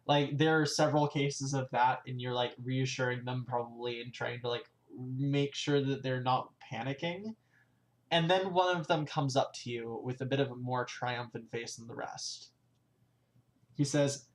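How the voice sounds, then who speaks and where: A man's voice: mid-range voice, a little slow. A man narrating a live-streamed tabletop game as game master, in a loose style full of fillers and restarts.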